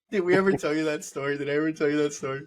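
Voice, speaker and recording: A man hosting a casual late-night podcast, telling an animated story with lots of swearing and laughter. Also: on the high side, rapid-fire. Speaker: podcast host.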